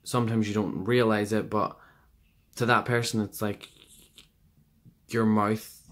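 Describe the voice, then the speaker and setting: Man, lowish voice, tarot reader, rambling, hesitant. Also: measured pace, long pauses. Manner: rambling and hesitant, full of fillers and self-corrections. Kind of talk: casual pick-a-card tarot reading.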